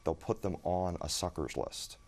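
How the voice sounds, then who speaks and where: A man's voice: low-pitched, fairly even intonation, normal speed. A man explaining fraud as an interviewed FBI agent, matter-of-fact and explanatory.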